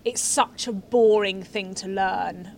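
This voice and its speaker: A young woman talks casually on a podcast, laughing easily and swearing in passing. Her pitch sits in the middle, and a faint hiss lies under the recording. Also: fairly even intonation, slow pace, gravelly, darkish tone. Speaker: podcast guest. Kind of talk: casual chat.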